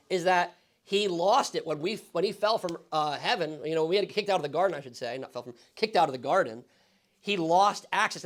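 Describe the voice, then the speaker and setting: Man, pastor, high voice, casual bible class, asks questions, says "right?" a lot. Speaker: pastor teaching Bible study. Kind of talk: conversational Bible teaching. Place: church classroom.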